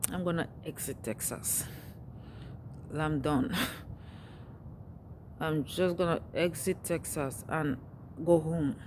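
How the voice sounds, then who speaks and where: A woman's voice: lowish voice, a little hiss or hum. A woman from Africa, venting in an exasperated monologue that circles back on itself with rhetorical questions. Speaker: vlogger.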